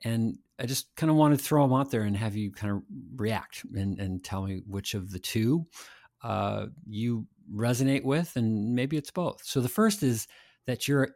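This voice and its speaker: A man's voice: mid-range voice, measured pace, darkish tone, no echo, clean studio sound. A man hosting a podcast, asking long, playful questions with many fillers and restarts. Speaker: podcast host. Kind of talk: interview questions.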